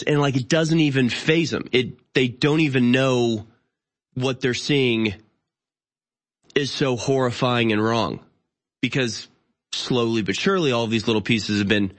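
A man in his thirties hosting a talk show, delivering an opinionated monologue. He rants in an exasperated, incredulous way, with sardonic asides and halting restarts. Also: mid-range voice, a bit bright. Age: 30s. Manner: halting, with frequent restarts and fillers. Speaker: show host.

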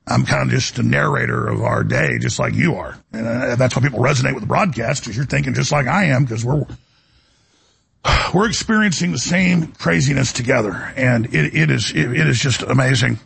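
Gravelly, raspy male radio host. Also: mid-range voice, brisk, a bit bright. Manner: rambling, indignant, with frequent restarts. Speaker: talk show host. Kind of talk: talk radio monologue.

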